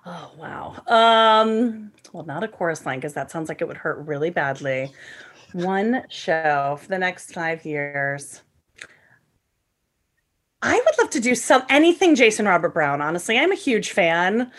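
A woman's voice: lowish voice, big pitch swings, a little slow, fairly bright tone. A woman guest on an interview, chatting casually and playfully, laughing often. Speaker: guest, Broadway performer.

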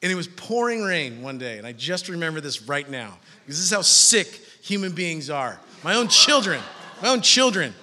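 A man's voice: on the high side, moderate pace. A middle-aged man preaching a sermon as a pastor, joking and telling stories and acting out the voices of the people he quotes. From California. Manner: animated, joking storyteller, acts out quoted voices. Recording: long hall reverb.

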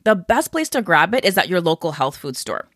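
A woman's voice: on the low side, very animated, brisk, a bit bright, no echo, clean studio sound. A woman hosting a health podcast, chatty and upbeat, coaching listeners with lots of "okay?" and "like". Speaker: podcast host. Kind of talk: casual health podcast talk.

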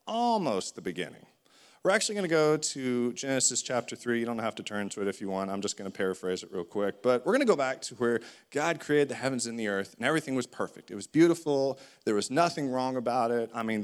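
A man preaching a sermon, animated and conversational, acting out the voices in his stories. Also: mid-range voice.

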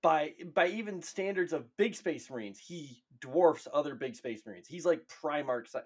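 Man, podcast co-host, husky, lively pitch, emphatic and profane. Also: moderate pace. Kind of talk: casual chat.

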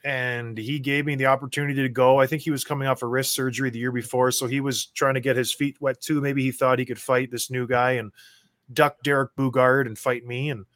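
Loud storytelling man, dry sound. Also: mid-range voice, a little fast, no echo. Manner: animated, grows loud acting out his own rants. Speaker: guest, former pro hockey enforcer. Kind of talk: casual storytelling.

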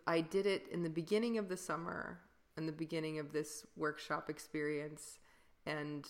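A woman who sings classical music, co-hosting a podcast in casual chat, rambling with fillers and laughing often. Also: low voice. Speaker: podcast co-host, classical singer.

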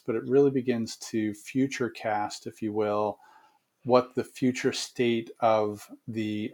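A man giving long, measured answers as a guest consultant in an interview, with frequent fillers and restarts. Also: lowish voice, darkish tone.

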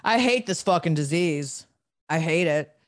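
A man's voice: fairly high pitch, expressive, measured pace, fairly bright tone, dry recording, studio quality. A man hosting a podcast, talking bluntly and candidly about his recovery, with frequent restarts and swearing. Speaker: podcast host.

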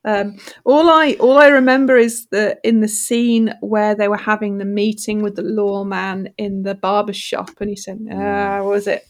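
A woman's voice: mid-range voice, level tone, normal speed, hardly any pauses. A woman co-hosting a podcast in casual chat, playful and joking. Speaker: podcast co-host.

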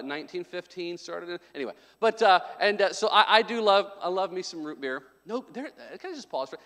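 Male pastor, high-pitched, conversational and humorous, builds to emphatic preaching; long hall echo. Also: a bit bright. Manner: chatty, joking asides turning into emphatic preaching. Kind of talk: sermon.

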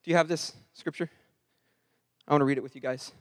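A man's voice: a little high, fairly even intonation, a little fast, long pauses, long reverb tail. A man leading a Bible study in a conversational way, often checking in with his listeners. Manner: conversational, keeps checking in with "right?". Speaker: Bible teacher.

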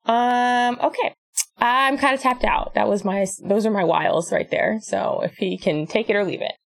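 Giggly woman player with a gravelly edge. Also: mid-range voice, normal speed. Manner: flirty, giggly. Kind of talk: tabletop role-play.

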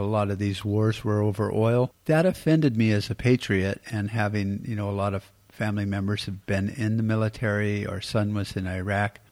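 A man's voice: fairly low pitch, darkish tone. A middle-aged American man hosting a podcast, giving rambling, blunt political commentary and swearing freely. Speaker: podcast host.

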